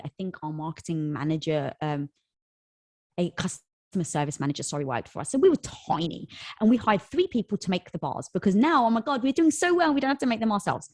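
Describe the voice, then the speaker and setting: A woman in her thirties, a company co-founder, telling an animated story in an interview and acting out what people said. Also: fairly low pitch, no echo, clean studio sound. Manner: lively storyteller who acts out quoted dialogue.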